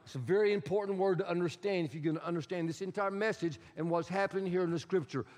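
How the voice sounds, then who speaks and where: Pastor, male, high voice, emphatic teaching sermon, long reverb of a church sanctuary. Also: quick pace, darkish tone. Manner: emphatic, repetitive teaching with audience prompts.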